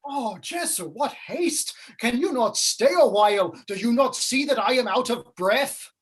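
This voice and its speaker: A woman doing a husky, groaning old nurse. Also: on the high side, animated, unhurried. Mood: complaining. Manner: moaning, dawdling, complaining of aches. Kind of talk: amateur stage reading of a classic play.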